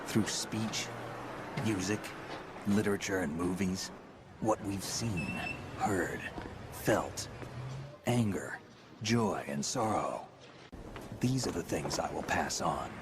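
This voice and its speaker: An actor playing a weary gruff male soldier hero in a video game, speaking low and hushed with music behind. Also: expressive, slow pace, long pauses, background noise. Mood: solemn. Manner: low hushed reflective delivery.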